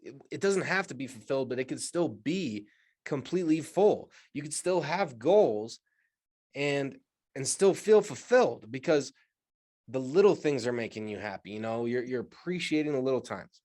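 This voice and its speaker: Wrapping up a casual segment, a podcast co-host offers a reflective, encouraging close, often stopping and restarting his sentences. His medium-pitched, darkish voice moves at a moderate pace with lively intonation.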